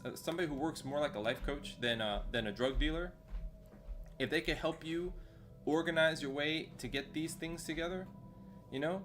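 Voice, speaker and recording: A man with a somewhat high voice streams a game and chats to his viewers, rambling loosely with plenty of fillers and easygoing slang. Music plays faintly behind him. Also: a bit bright. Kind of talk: casual chat while streaming gameplay. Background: faint background music.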